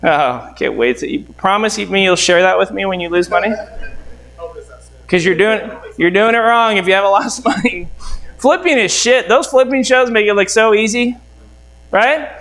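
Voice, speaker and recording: A man's voice: high voice, moderate pace, a bit bright, poor audio. A middle-aged man from the United States, a real estate mentor, telling a seminar story and acting out both sides of the conversations.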